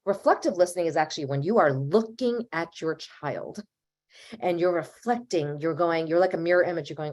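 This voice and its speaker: A woman's voice: fairly low pitch, expressive, fairly quick, darkish tone. Earnest woman therapist giving advice. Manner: earnest, advisory, acts out parent and child lines. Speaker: family therapist panelist. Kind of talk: webinar panel answer.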